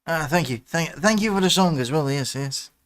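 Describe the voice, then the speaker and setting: A man's voice: a little high, expressive, moderate pace, a bit bright, clean tone. A man hosting a livestream, chatting casually and rambling between musings and muttered asides. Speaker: livestream host.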